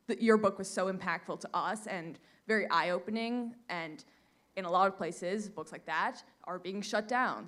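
A young woman in the audience asking a question in a halting, earnest way. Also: lowish voice, a bit bright.

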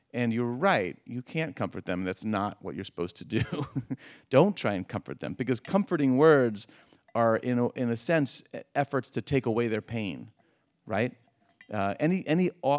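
Middle-aged man, conversational, halting delivery with restarts and laughs. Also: mid-range voice. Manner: halting, repeats words, laughs often. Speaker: guest. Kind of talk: conversational interview.

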